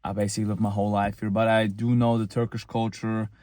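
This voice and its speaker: A man's voice: lowish voice, little pitch movement, fast, dark tone, no echo. Earnest young man rambling to camera. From Germany. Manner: earnest, rambling, many restarts and fillers. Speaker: vlogger. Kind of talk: casual talk to camera.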